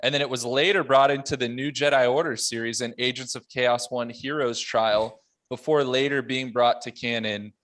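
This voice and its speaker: A man hosting a casual podcast roundtable, running briskly through notes and laughing often. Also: medium pitch, steady tone, a bit bright. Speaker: podcast host.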